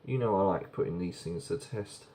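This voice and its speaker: A man's voice: low voice, normal speed, dark tone, slight background noise. A man casually reviewing a beer on camera, chatty and rambling, often repeating words as he goes.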